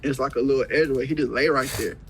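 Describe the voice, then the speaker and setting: A young man speaks at an ordinary middle pitch, telling his story in rough, profane slang. He acts out what everyone said, in a loose, casual flow, with a faint hiss of noise behind him. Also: steady tone, racing, poor audio. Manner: profane slang-heavy retelling, acts out quoted dialogue. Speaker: interview guest.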